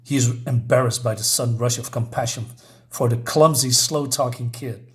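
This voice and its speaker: A man's voice: mid-range voice, steady tone, normal speed. A man casually reviewing a comic book, rambling with many fillers and chuckling often.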